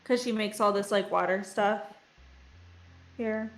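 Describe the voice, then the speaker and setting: A woman's voice: medium pitch, steady tone, unhurried, roomy sound. A woman playing in a tabletop game, chatting casually with many "like"s. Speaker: player.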